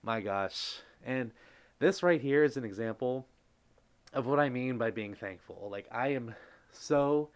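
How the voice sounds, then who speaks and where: A man's voice: medium pitch, a little slow. A man hosting a casual live stream, reading chat comments aloud and reacting in an effusive, gushing way. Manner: gushing, effusive, exclaims often.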